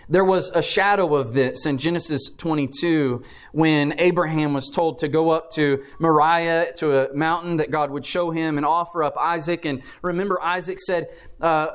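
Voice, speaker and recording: Earnest high-voiced male preacher. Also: steady tone, normal speed. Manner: earnest, emphatic, reads scripture aloud with rising and falling emphasis. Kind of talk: sermon.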